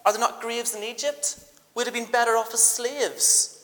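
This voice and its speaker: A grumbling crowd of freed slaves whines reproachfully at its leader, as a storytelling teacher puts them on. The voice is bright and edgy. It rings with a long reverb, as in a big hall. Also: medium pitch, fairly even intonation, normal speed, pitched above the performer's own voice, lightly acted. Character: complaining crowd of escaped slaves.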